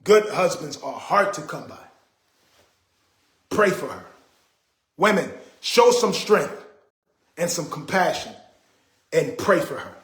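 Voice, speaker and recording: A man's voice: a little high, sing-song, slow pace, pauses often, fairly bright tone. A man hosting a casual livestream, talking in an exasperated, preachy way to his viewers. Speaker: livestream host. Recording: roomy echo.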